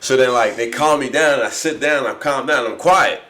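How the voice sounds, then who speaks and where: A man's voice: medium pitch, a little fast, fairly bright tone. A man in his thirties from New Jersey, co-hosting a podcast and telling a story casually, laughing often and swearing freely. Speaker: podcast co-host.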